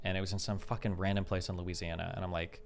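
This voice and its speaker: A man from Nebraska hosting a podcast, telling stories in an animated way and swearing freely. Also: low voice, fast, vocal fry, crowd noise. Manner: profane, animated storyteller. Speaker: podcast host. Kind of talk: casual podcast chat.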